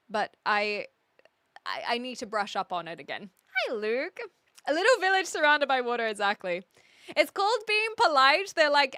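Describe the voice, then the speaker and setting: Woman game streamer, easy rambling chat with viewers, bright and dry close-up sound. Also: on the high side, lively intonation, moderate pace, dry recording. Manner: chatty, rambling, frequent restarts and laughs. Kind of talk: casual chat with live viewers. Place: home attic.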